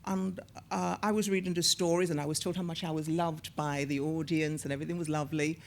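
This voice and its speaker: Give me a woman in her sixties telling stories onstage with lively, acted-out voices. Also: low-pitched, fairly quick. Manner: lively storyteller who acts out quoted voices. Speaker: guest, actor and former TV presenter. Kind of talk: onstage interview storytelling. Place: on a stage at a screening event.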